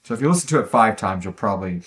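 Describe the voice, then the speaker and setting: A man's voice: fairly low pitch, expressive, racing, a bit bright. A man hosting a podcast in a casual chat, reading listener reviews aloud in a rambling, laid-back way and often stumbling over words.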